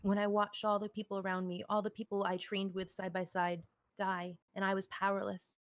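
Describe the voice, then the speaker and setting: A woman's voice: medium pitch, flat delivery, fairly quick, no echo, lightly acted. A woman voicing a proud, wounded young woman soldier who pleads earnestly for a chance at redemption, in a tabletop game. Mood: earnest resolve.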